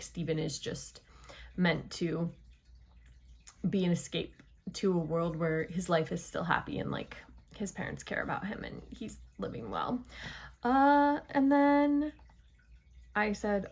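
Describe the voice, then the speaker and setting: A woman's voice: on the low side, measured pace, vocal fry. A young woman giving a chatty, playful spoiler review of a TV episode, full of dramatic asides. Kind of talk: casual spoiler review monologue.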